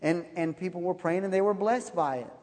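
A man preaching a sermon, telling a personal story with animated, laughing delivery. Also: sits high, a little fast. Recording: long hall reverb.

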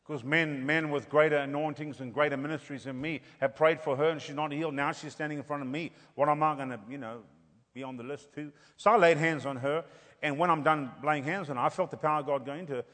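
A man preaching a sermon, telling healing stories and building to loud, fervent exclamations. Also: fairly high pitch, steady tone, fast, in a large hall. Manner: storytelling, rising to loud exclamations.

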